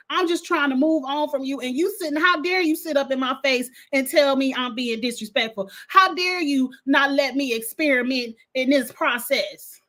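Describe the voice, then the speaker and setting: Brief: woman doing a fake-crying young guy, whiny, indignant, pitched high. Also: fairly bright tone. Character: self-pitying young man pleading, fake-crying.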